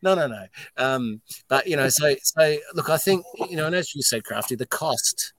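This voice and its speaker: A man's voice: medium pitch, normal speed, no echo. A middle-aged Australian man, a distillery owner talking as a guest in a casual podcast interview, blunt and swearing as he tells stories. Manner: blunt, swearing, animated storyteller.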